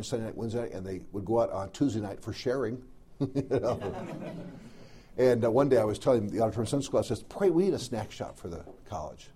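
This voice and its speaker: A man's voice: lowish voice, dark tone, breathy edge. A middle-aged man preaching, telling a folksy personal story full of quoted dialogue. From American South. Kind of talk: storytelling sermon.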